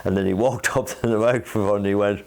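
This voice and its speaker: A man's voice: fairly low pitch, steady tone, fast talker, vocal fry, darkish tone. An older man and singer telling a rambling anecdote to an old bandmate, chuckling as he goes, in a living room at home. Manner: rambling storyteller, chuckles, mimics voices in jokes. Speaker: singer and show host.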